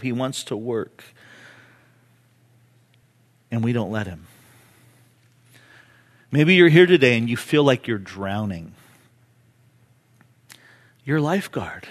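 A man preaching a sermon with personal stories, impassioned, swinging from hushed to loud and pleading. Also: mid-range voice. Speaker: pastor.

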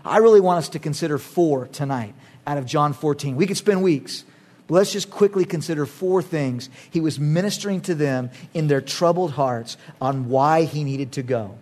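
A middle-aged man preaching a sermon as pastor, emphatic, moving between loud urging and quiet, earnest asides. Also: a little high, normal speed.

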